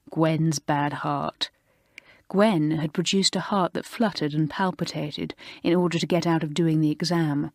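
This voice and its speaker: A woman narrating a storybook audiobook in a calm, even reading voice. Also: low voice, dry recording, studio quality.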